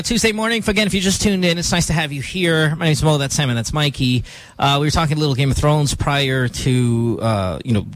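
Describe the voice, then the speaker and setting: A man's voice: mid-range voice, fairly bright tone. A man in his thirties hosting a radio morning show from the studio, rambling casually and laughing at himself. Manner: rambling and self-mocking, chuckles often. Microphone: studio microphone.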